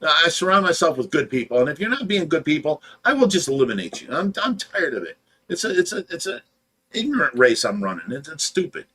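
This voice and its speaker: A man's voice: on the high side, big pitch swings, brisk, sharp tone, slightly rough. A tired man with an Ohio accent hosting a fish rescue livestream, blunt and defensive as he rants. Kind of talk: casual livestream chat.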